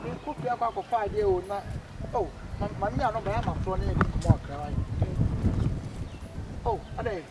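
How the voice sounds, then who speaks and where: A man with a Ghanaian accent playing a lovesick young man pleading with his girlfriend, stammering out excited exclamations. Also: high voice, a little fast, pauses often, natural voice. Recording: distant mic, loud street noise.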